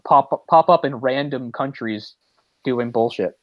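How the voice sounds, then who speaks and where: A man's voice: medium pitch, unhurried, lo-fi sound, slight background noise. A man co-hosting a podcast, casually retelling a story with mocking impressions. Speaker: podcast co-host. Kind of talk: casual chat.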